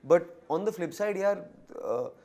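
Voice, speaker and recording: A man with an Indian accent answering interview questions in a fast, animated way, switching between English and Hindi. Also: sits high. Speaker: actor and comedian guest.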